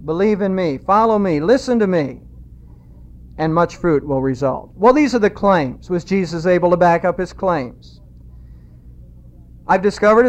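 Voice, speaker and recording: A man preaching a sermon, emphatic and repeating key phrases, slowing down when he quotes scripture. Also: high-pitched. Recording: dull lo-fi sound.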